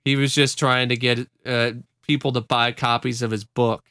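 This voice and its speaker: A man's voice: medium pitch, flat delivery, normal speed, bright, forceful tone, clean tone, no room sound, clean studio sound. A man hosting a casual podcast, telling a story in a wry, rambling way with frequent laughs. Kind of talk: casual chat.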